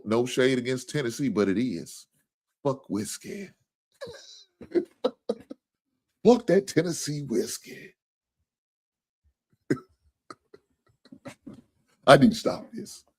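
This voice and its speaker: Man, sports talk host, casual streaming chat, lively swooping pitch, profane, rambling. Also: slow, pauses often. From Kentucky. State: tired.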